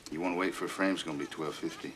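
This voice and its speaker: Man doing a grumbling shopkeeper, very deep, bright-edged, mumbled, comic podcast bit. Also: fairly even intonation, racing. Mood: haggling. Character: gruff deep-voiced male shopkeeper, haggling.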